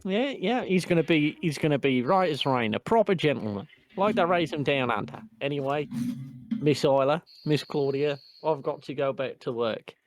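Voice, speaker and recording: A man voicing a loud, cheerful Australian henchman who swears freely and talks bluntly, with an Australian accent. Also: a little high, expressive, moderate pace, close to an everyday voice. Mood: chipper.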